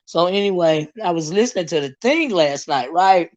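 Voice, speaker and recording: A hoarse woman, hosting a casual livestream, greeting viewers and chatting with many fillers and asides. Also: on the low side, expressive, fairly quick, a little mellow. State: hoarse, lost her voice. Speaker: livestream host.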